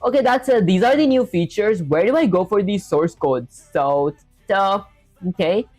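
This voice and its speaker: A young woman livestreams herself coding, thinking out loud and chatting casually with viewers, reading their messages and replying, with plenty of "guys" and "honestly." Her mid-range voice is animated and darkish, at a normal speed, with soft music in the background.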